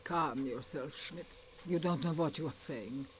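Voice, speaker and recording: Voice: mid-range voice, measured pace, a little hiss or hum, lightly acted. An actor voicing a haughty old Russian princess. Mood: imperious. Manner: cold, formal, clipped.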